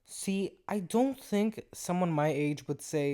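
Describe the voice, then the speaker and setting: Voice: medium pitch, lively intonation, a little slow, few pauses, mellow. Sarcastic, cussing young podcaster. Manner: sarcastic, profane and incredulous. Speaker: podcast host. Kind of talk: casual commentary reading out messages.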